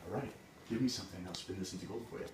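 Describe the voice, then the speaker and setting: A man's voice: low-pitched, racing. A man voicing a sly bargaining goblin. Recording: roomy, distant mic, background noise.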